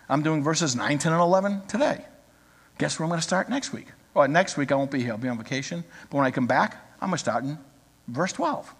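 A man's voice: high voice, fairly bright tone. A man in his sixties preaching a sermon as pastor, talking conversationally and joking with the congregation. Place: church. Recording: reverberant church hall.

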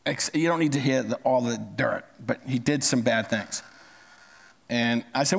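A man's voice: mid-range voice, measured pace, vocal fry. A man in his sixties telling a personal story in a plain-spoken, conversational way. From United States. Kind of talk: storytelling talk.

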